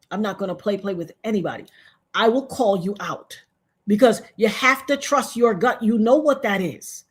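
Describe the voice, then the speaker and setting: A woman's voice: medium pitch, slightly rough. A woman being interviewed who tells her story in a blunt, emphatic, profane way. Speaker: guest.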